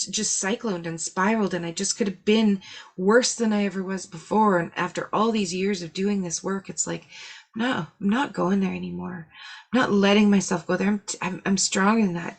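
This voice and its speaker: A woman's voice: medium pitch, husky. A woman leading a spiritual session, talking earnestly and telling personal stories with many restarts. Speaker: spiritual teacher hosting a session. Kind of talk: casual spiritual talk.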